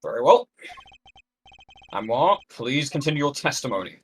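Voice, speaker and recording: A man's voice: medium pitch, expressive, moderate pace, breathy edge. A man voicing a fussy, pompous older courtroom judge. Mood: stern.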